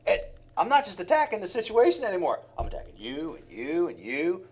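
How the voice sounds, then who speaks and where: A man's voice: sits high, sing-song, fast, a little mellow. A man preaching a sermon in a heartfelt way, with sighs and acted-out examples.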